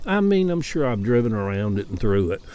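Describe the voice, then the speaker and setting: A man's voice: fairly low pitch, sing-song, a little fast, dark tone. A man from Atlanta with a Southern US accent, talking in a chatty, opinionated monologue with wry rants. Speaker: vlogger. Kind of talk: casual personal monologue.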